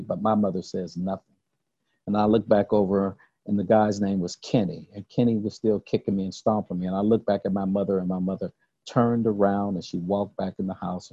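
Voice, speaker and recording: Giving an earnest recovery testimony, an older man speaks in halting, repetitive phrases with a deep, husky voice that is gravelly and mellow, showing little pitch movement. The dry, slightly dull recording carries no room sound.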